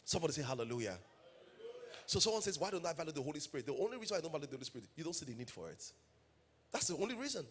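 A man's voice: on the high side, sing-song, very fast. A man with a Nigerian English accent preaching a sermon as pastor, telling stories and building to emphatic calls to the congregation.

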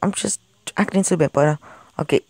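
A fan show creator voices every character while narrating an improvised game role-play, stammering and repeating words along the way. The mid-range voice moves fairly quickly, captured dry on a close home mic.

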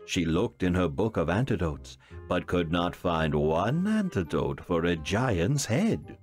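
A man narrating a fairy tale slowly and theatrically. His voice rises and dips dramatically through each sentence, with soft music playing behind. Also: on the low side. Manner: expressive, dramatic storytelling. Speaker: reader. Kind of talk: storybook narration.

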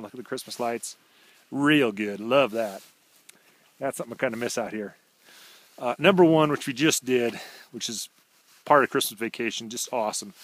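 A man hosting a rambling walk-around video diary, talking in a laid-back, slangy, deadpan way with plenty of fillers, recorded outdoors in snowy woods on a handheld camera. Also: medium pitch. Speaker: vlog host.

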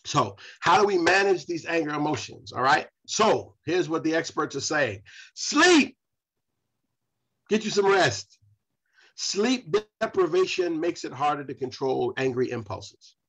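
A man's voice: on the high side, animated, moderate pace, few pauses, a bit bright, husky. A pastor leading a Bible study, preaching in a repetitive style straight to his congregation. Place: church.

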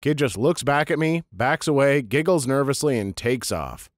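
A man's voice: medium pitch, lively intonation, normal speed, dry recording, studio quality. A man narrating a string of internet stories in a matter-of-fact reading voice. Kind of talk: scripted story narration.

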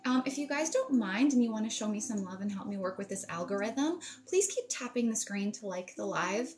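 A woman's voice: mid-range voice, animated, a little fast. Chatty woman live-streaming from her phone. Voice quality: chatty, upbeat, swears casually. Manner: greets viewers warmly, fillers like um. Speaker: spiritual wellness live-streamer. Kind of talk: casual live-stream chat.

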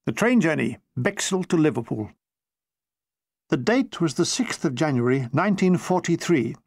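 A man with a fairly high voice reads his own war memoir with wry, deadpan comic timing. The sound is close and dry, with no room echo. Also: normal speed.

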